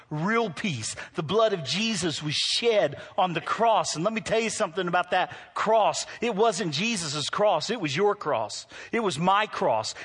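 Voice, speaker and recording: A male pastor preaching a sermon to his congregation. He swings between loud, lively moments and hushed ones, and teases his listeners as he talks straight to them. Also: high voice, slightly rough.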